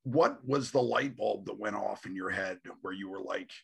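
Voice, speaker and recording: Gravelly-voiced man talking on a podcast. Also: fairly low pitch, moderate pace. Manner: animated, mimics other people's voices in quotes. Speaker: podcast host. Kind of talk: casual podcast conversation.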